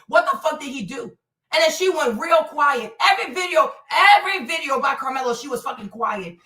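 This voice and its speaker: High, bright furious woman ranting. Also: recorded from a distance. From Africa. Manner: furious, profane, often shouting. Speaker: livestream host. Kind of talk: heated livestream rant. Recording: echoey room, voice away from the mic.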